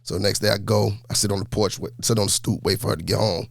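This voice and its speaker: A gravelly, lowish male voice, a coach in his forties telling his own story in a relaxed, lively way. The sound is dry and close. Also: fast talker, dry recording. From New York. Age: 40s. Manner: laid-back, animated storyteller. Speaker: high school basketball coach. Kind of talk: storytelling in an interview.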